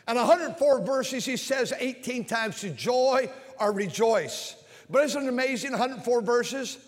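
A man preaching an impassioned sermon, swinging between shouts and quiet lines. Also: extremely high pitch, a little slow. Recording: long hall reverb.

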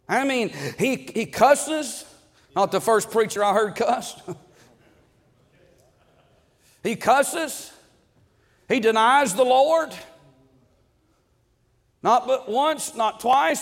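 A man's voice: extremely high pitch, takes it slowly, long pauses. A middle-aged man preaching a sermon to a congregation, repeating words and calling out amen. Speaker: pastor. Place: church sanctuary. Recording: long echo of a large hall.

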